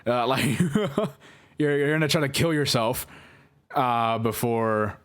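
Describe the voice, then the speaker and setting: A young man telling his side of a story in a halting, emotional monologue, swearing and correcting himself as he goes. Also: mid-range voice, fairly bright tone, smooth. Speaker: vlogger responding to accusations.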